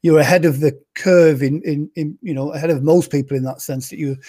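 This is a chatty, joking man hosting a relaxed show, with a mellow, warm voice that sits a little high for a man. He keeps things light and reads out what viewers write in. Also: fairly quick. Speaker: podcast host. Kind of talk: casual chat.

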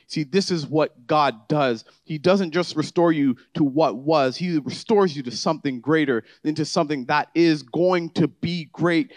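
A man preaching a conversational sermon, shifting from quiet, easygoing asides to emphatic, rising declarations. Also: a little high, no echo. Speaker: pastor.

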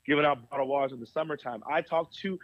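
A young adult man, a pastor, telling a personal story in a podcast interview with a lively, animated delivery and frequent laughs. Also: quick pace, dry recording, highs cut off. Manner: animated storyteller, swings pitch high for quoted voices, laughs often.

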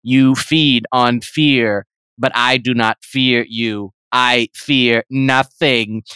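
A man voicing a vengeful ghost girl in a computer-mecha form, speaking low, slow and menacing in a broken computer voice. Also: steady tone, bright, forceful tone, clear, resonant tone, no echo.

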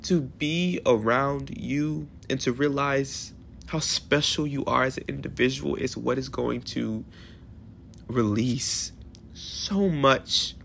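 A man in his twenties hosting a solo podcast in a hotel room, talking in an emotional, affirming way with animated bursts. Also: medium pitch, gravelly, a little hiss or hum. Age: 20s. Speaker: podcast host.

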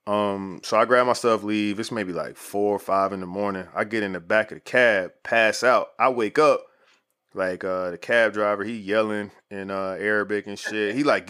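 A man's voice: lowish voice, steady tone, normal speed, fairly bright tone, clear, resonant tone. A man in his thirties telling a story in casual, slangy talk full of "like" fillers. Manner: laid-back, slangy, lots of "like" fillers.

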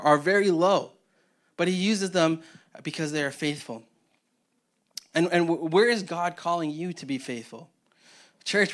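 A male pastor with a high voice preaches a conversational sermon to his church, his delivery energetic and casual with frequent restarts.

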